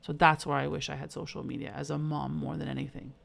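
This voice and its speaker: A woman co-hosting a casual podcast, her voice rough with a creaky edge. She tells frank personal stories with a loose, unpolished manner and the odd curse word. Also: deep voice, little pitch movement, fast, slight background noise. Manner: candid storytelling, frequent "like", occasional swearing. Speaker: podcast co-host. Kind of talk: casual chat.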